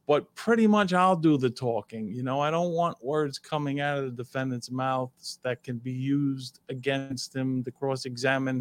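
A man's voice: medium pitch, no echo. A man who is a criminal defense attorney and co-host, talking earnestly in a casual panel show and stumbling a little as he starts.

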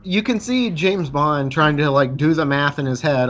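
Rambling podcast guy, higher voice. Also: normal speed, a bit bright, faint music behind. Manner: rambling, hesitant, full of likes. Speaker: podcast co-host. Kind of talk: casual movie recap chat.

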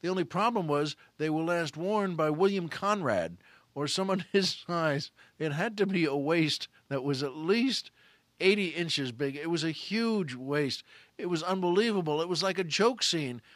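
Comedian, male, bright forceful voice, lively anecdote with acted-out voices, dry close mic. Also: on the high side, moderate pace, no room sound. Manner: animated, acts out voices of people in the story. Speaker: comedian telling a story. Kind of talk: comic storytelling.

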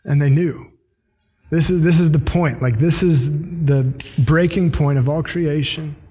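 A man's voice: a little high, fairly even intonation, measured pace, warm tone, breathy edge. A man preaching a sermon in an earnest, conversational way, with restarts and side notes. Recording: long hall reverb.

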